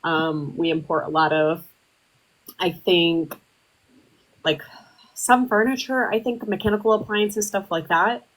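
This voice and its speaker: A woman's voice: fairly low pitch, steady tone, measured pace, long pauses, a bit bright, rough recording. Woman rambling through a debate. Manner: rambling with many fillers. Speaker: livestream host. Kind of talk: casual political debate.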